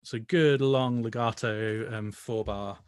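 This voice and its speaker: Slow-talking British choir director. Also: male voice, medium pitch, fairly even intonation, clear, resonant tone, dry recording, studio quality. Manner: sings each part then explains, gentle and encouraging. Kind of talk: online choir rehearsal. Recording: voice over loud music playback.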